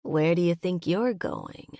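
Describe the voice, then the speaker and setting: A woman voicing a big, possessive male werebear lover who talks low, commanding and teasing. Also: very animated, takes it slowly, gravelly, dark tone, dry recording, studio quality, heavily acted.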